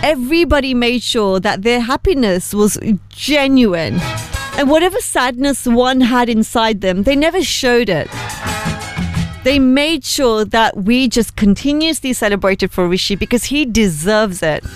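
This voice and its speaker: Female vlogger, a little high-pitched, earnest and gentle, reflective to-camera talk, soft music behind. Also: expressive, unhurried.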